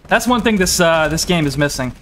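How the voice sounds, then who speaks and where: A man's voice: fairly high pitch, expressive, fairly quick, a bit bright, slight background noise. A young man streaming a game, rambling in casual, profane talk, often restarting sentences and laughing between words. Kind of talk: casual live-stream gaming commentary.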